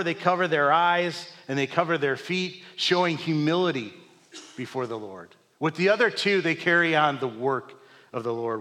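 A man preaching a sermon to his congregation, asking them questions and swinging between loud emphatic peaks and hushed low lines. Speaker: pastor. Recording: long hall reverb.

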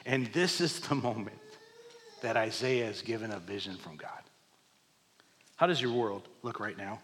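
A man preaching a sermon to his congregation, asking them questions and swinging between loud emphatic peaks and hushed low lines. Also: normal speed, slight background noise. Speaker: pastor. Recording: long hall reverb.

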